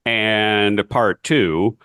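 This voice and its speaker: A man's voice: fairly low pitch, drawn-out words, a bit bright, dry recording, studio quality. A man who teaches band, co-hosting an advice podcast and posing questions and scenarios with curiosity.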